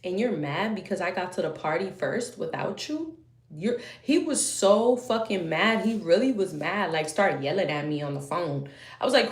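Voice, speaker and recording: A young woman tells her story as a heated, profane rant. She flares into loud bursts, then drops to low muttering. Her voice rings around a roomy, echoey space. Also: very animated, moderate pace.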